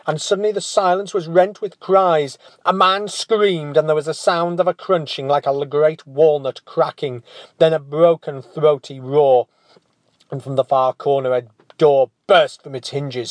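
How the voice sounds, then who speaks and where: A man narrating a storybook tale in a hushed, dramatic manner that often drops to a whisper. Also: a little high, no echo.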